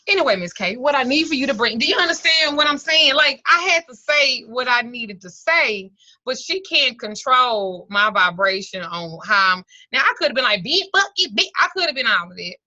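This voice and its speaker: A woman with a drawl spins blunt, foul-mouthed stories for her online class. Her voice sits a little high and cuts through sharp and bright. The sound is dull and lo-fi, like a video call. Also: lively intonation, moderate pace, dry recording. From Southern United States. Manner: blunt, profane, theatrical storyteller. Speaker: occult class teacher. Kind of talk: profane storytelling in an online class.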